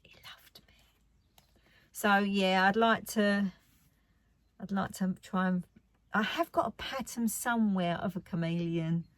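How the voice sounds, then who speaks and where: A woman's voice: mid-range voice, measured pace, long pauses, no room sound. A woman chatting casually about her craft haul. She rambles and often drops to a near whisper. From United Kingdom. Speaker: craft vlogger.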